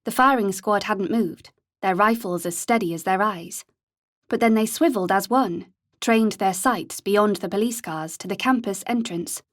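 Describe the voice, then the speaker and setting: In a clean studio recording with no room sound, a woman narrates an audiobook from a script. Her mid-range voice carries a measured, steady storytelling style.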